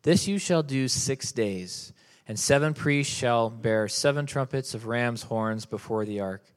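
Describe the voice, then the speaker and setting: Man with a mid-pitched voice reading scripture, measured and even. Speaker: congregation member reading scripture.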